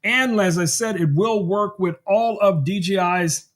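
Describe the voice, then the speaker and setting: A man's voice: high-pitched, unhurried, fairly bright tone. A man hosting a tech live stream, chatting casually to viewers about gadgets, full of fillers, recorded on a desk microphone in a home studio. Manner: chatty, many fillers, addresses viewers as guys. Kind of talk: casual product demo talk. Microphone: desk microphone on a stand.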